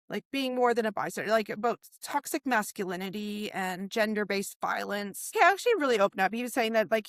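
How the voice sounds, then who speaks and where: Excited woman on a sports podcast, lively, very dry close sound. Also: mid-range voice, no echo. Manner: animated, enthusiastic, quotes people in her own voice. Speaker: podcast co-host. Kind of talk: casual sports chat.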